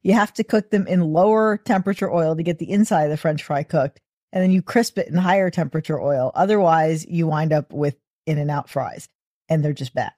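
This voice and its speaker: A woman's voice: sits low, fairly quick, warm tone, no echo, clean studio sound. Blunt opinionated female co-host. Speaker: podcast co-host. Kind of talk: casual chat.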